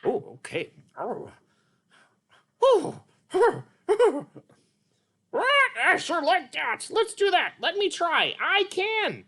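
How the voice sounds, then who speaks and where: A man's voice: very high-pitched, huge pitch swings, drawn-out words, long pauses, bright, forceful tone, voice pushed up, exaggerated voice. A man voicing a sweet, eager little male winged puppet creature in a puppet show for kids, talking in a childlike, pleading way.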